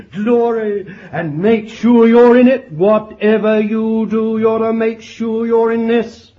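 Older male preacher, high-pitched voice, fervent, murmured asides, dull lo-fi archive recording. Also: fairly even intonation, slow pace. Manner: fervent, swings from loud declarations to low murmured asides; exclaims hallelujah and glory between points. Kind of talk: sermon.

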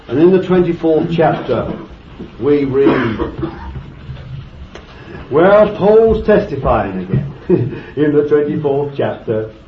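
A man preaching a sermon with fervent exclamations of praise and bursts of laughter. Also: mid-range voice. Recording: echoey, dull, lo-fi recording with faint noise.

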